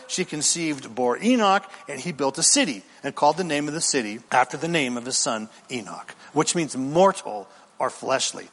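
A man preaching a sermon, animated, with rhetorical questions to the congregation and dramatic pauses. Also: fairly high pitch. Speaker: pastor. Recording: long reverb in a large hall.

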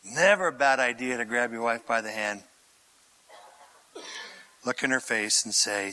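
A man's voice: mid-range voice, a little slow, pauses often. A male pastor giving a conversational, theatrical sermon. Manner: animated, theatrical, conversational preaching.

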